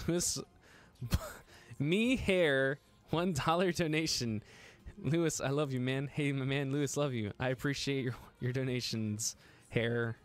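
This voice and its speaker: A man's voice: medium pitch, measured pace. A man hosting a casual live stream, joking and laughing as he gets flustered over his own slip. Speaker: livestream host building a PC.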